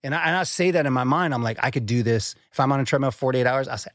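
A man's voice: mid-range voice, racing, fairly bright tone, dry recording, clean studio sound. A man talking candidly as a podcast guest, intense, swearing freely and repeating words as he works through a thought. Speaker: podcast guest, endurance athlete. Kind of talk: candid conversational interview.

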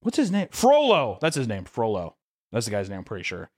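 A young man co-hosting a podcast in casual chat, animated and profane, often acting out voices. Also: fairly low pitch, fairly quick, no echo, clean studio sound. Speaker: podcast co-host.

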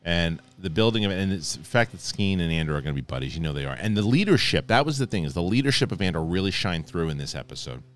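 A man hosting a casual spoiler review, talking excitably and rambling with many restarts. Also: deep voice, fast talker, hardly any pauses. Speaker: host reviewing a TV episode.

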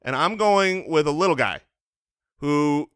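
A man's voice: fairly high pitch, animated, measured pace, a bit bright, smooth, no room sound, clean studio sound. A man co-hosting a comedy podcast, trading playful banter and laughing often. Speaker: podcast co-host.

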